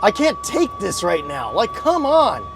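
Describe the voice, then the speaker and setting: A man streaming a driving game, talking through each move and swearing loudly in frequent exasperated outbursts. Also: sits high, wildly swooping pitch, a little slow, creaky, music in the background. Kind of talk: live gameplay commentary.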